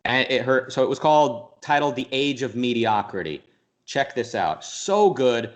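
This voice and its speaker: A man as an interview guest, talking in a rambling, animated way, full of restarts and quick jumps into mock voices. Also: mid-range voice. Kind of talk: casual conversational interview.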